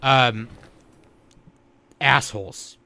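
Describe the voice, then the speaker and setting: A man's voice: medium pitch, drawn-out words, creaky, pushed and bright, dry recording. A man on a casual podcast, retelling scenes loosely with lots of swearing and acted-out quotes. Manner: loose, profane, acts out characters' lines. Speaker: podcast co-host.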